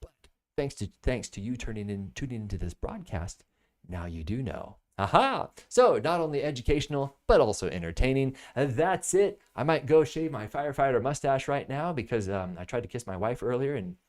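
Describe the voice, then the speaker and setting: An American man in his thirties hosting a live product-review stream, jokey and animated, jumping between loud bursts and soft asides. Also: mid-range voice, moderate pace. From United States. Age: 30s.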